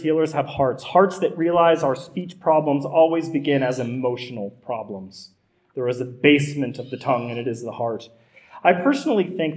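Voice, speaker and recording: Man, middle-aged pastor, sermon, conversational, emphatic repetition, higher pitch. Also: a little mellow.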